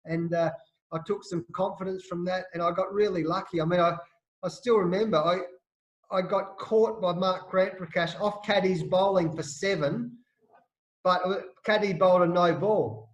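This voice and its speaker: Middle-aged Australian man, high voice, lively storyteller; muffled echoey remote audio. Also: normal speed. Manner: animated anecdotes with frequent restarts and laughs. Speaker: interview guest, former professional cricketer. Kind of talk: casual storytelling interview.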